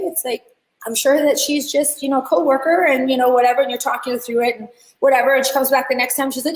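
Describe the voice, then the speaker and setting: A high-voiced woman leads a live online class in a chatty, animated way, calling on viewers in the chat. Her voice carries the echo of a roomy space. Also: a little fast. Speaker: hair educator.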